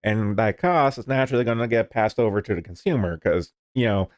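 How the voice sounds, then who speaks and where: Guy with a lowish voice riffing on news stories, swears a lot, lots of uh's, dry sound. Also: a little fast, no room sound. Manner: rambling, profane, lots of fillers. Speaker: streamer reading the news. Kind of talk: casual news commentary.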